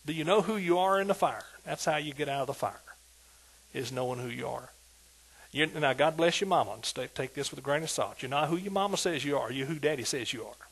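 An older man, a pastor, preaching an animated sermon in a folksy, colloquial way and often asking whether his listeners are with him. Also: fairly high pitch, a little fast, slightly rough, low-quality recording. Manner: animated preaching, asks "are you with me?" repeatedly.

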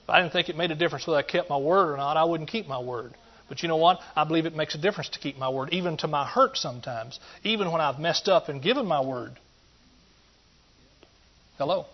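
A middle-aged man gives a folksy sermon, talking fast in a voice that's a little high. Loud emphatic points alternate with quiet asides, and he calls out to his listeners. The recording sounds dull and lo-fi.

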